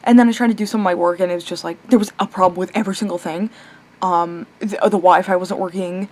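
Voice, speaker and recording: A woman's voice: on the low side, quick pace. Rambling young woman vlogging late at night. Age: young adult. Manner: rambling, swears casually, many fillers and restarts; chatty and animated, breaks off to talk to her pet.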